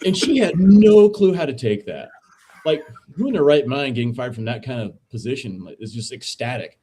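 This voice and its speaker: A man, a veteran and podcast co-host, casually telling a story as a guest in a relaxed, profane, dude-heavy way. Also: medium pitch, a little fast, husky. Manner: laid-back, profane, says dude a lot.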